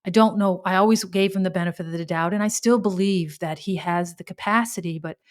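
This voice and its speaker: A woman hosting a podcast, telling a personal story in a reflective, halting way, with sighs and restarts. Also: fairly low pitch. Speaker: podcast host.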